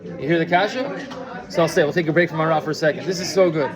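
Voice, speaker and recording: A man with a fairly high voice teaches a class in a loose, chatty way, stumbling through restarts and throwing questions at his listeners. Audience noise can be heard around him in the room. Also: fairly even intonation, fast, crowd noise. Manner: conversational, full of fillers and restarts, asks the listeners questions. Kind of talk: informal Torah lecture with storytelling.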